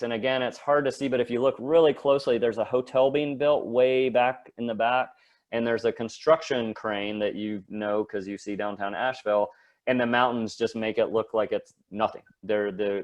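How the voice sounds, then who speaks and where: A man giving a casual slide talk as a guest artist, rambling with many fillers and restarts. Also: lowish voice.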